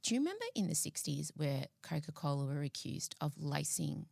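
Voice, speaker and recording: A woman, co-hosting a podcast and telling a story in a casual, animated way, laughing often and acting out what people said. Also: low-pitched, a little fast, creaky, dry recording, clean studio sound. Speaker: podcast co-host.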